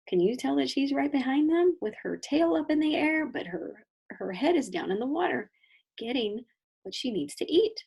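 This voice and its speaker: Female kindergarten teacher reading a picture book aloud; higher voice with some fry, asks the kids questions, explains as she goes. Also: moderate pace. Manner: animated, questioning storybook voice for children.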